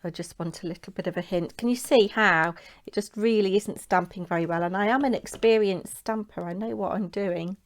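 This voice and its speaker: A woman with a medium-pitched voice hosts a papercraft tutorial, speaking briskly with few pauses. She chats casually and talks to herself while she works.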